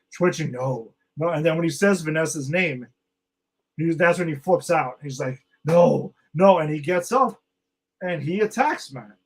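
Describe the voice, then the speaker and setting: Male podcast co-host, animated and profane, breaks down an episode in casual chat, voice pitched a little high. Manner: excited, swears freely, acts out quotes.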